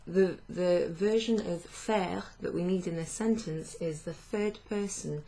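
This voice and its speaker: A woman teaches French in a slow, patient way, pausing on fillers and correcting herself as she goes. Her voice is low and warm with a gravelly edge. Faint hiss runs under the recording. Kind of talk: online language lesson.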